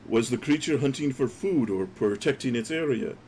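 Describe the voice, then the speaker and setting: A man voicing a calm, courteous priest in a tabletop game, speaking politely and in measured phrases. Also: mid-range voice, a little hiss or hum, pitched above the performer's own voice, close to an everyday voice.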